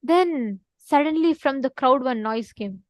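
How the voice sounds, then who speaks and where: Woman, high voice, dry close sound, earnest spiritual teacher who repeats her points. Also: animated, measured pace, no echo. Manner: earnest, repeats for emphasis, asks listeners to respond. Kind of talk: online teaching session with a story.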